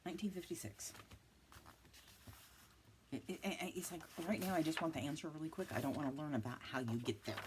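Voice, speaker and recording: A woman's voice: sits low, a little fast, pauses often, noisy background. A woman in her fifties chatting casually through a craft haul, self-mocking and prone to giggly asides. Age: 50s. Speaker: craft vlogger.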